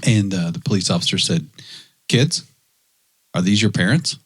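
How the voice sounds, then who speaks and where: A man co-hosting a podcast, telling a family story in casual chat, animated and laughing often. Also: low voice, normal speed, husky. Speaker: podcast co-host.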